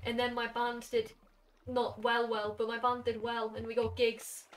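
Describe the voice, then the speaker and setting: A woman's voice: a little high, completely flat delivery. Chatty Welsh teen girl streamer. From Wales. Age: late teens. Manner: chatty, reacting to chat with quick asides. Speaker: game streamer. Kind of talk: casual live-stream chat while gaming. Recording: somewhat distant mic with faint music.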